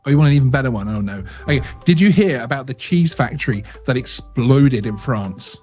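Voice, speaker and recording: Hesitant British joker, lo-fi sound. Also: male voice, medium pitch, lively intonation, a little fast, a little mellow, soft background music. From United Kingdom. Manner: self-deprecating, joking, hesitant. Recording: dull lo-fi audio.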